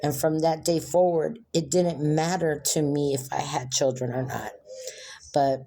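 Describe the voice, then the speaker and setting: A woman telling a personal story in a soft, reflective way. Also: sits low, fairly even intonation, measured pace, creaky.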